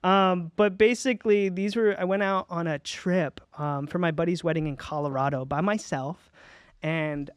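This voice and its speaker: A man's voice: fairly high pitch, steady tone, moderate pace, clear, resonant tone, dry recording, clean studio sound. A man chatting casually as a podcast guest, a rambling storyteller who laughs a lot. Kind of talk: casual chat. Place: podcast studio. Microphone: studio mic.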